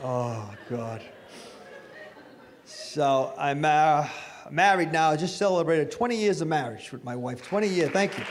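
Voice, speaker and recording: A man's voice: fairly high pitch, measured pace. A middle-aged man doing a stand-up comedy set on stage, self-mocking and chatting with the crowd. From Italian-American family.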